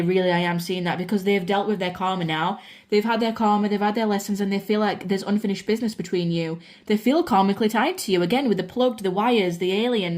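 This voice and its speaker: A woman from the UK giving a chatty, excitable pick-a-card tarot reading, talking straight to viewers. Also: mid-range voice. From United Kingdom. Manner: chatty and excitable, swears casually, addresses viewers as guys. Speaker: tarot reader.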